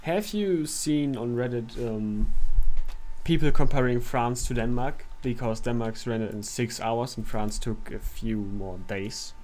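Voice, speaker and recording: A man's voice: mid-range voice, a little slow, a little mellow. A man chatting casually on a stream while he plays a strategy game, swearing now and then.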